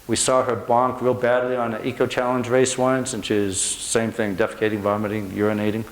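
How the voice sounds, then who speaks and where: A man's voice: medium pitch, level tone, a little fast. Earnest middle-aged man telling stories in an echoey room. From United States. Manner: earnest storytelling, emphatic repetitions. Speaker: motivational speaker. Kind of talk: motivational speech to a room.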